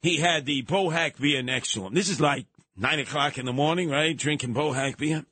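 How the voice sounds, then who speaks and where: Older New talk-show host, bright, husky voice, lively yarn-spinner with bursts of shouting. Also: male voice, fairly high pitch, normal speed, no echo. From New York. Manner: animated, colorful storytelling with bursts of shouting. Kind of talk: storytelling monologue.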